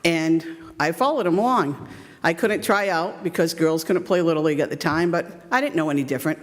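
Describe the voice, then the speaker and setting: A woman's voice: low voice, fairly quick. Chatty woman coach telling stories in a hall. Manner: chatty, self-deprecating, many ums. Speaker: youth baseball coach giving a speech. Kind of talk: storytelling speech at an event. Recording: long hall reverb.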